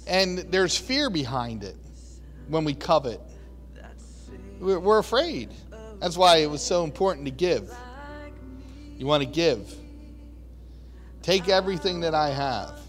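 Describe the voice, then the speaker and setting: A male preacher delivers a sermon in a conversational, storytelling way, leaning on emphasis. His voice sits high and he speaks slowly. Soft music runs underneath.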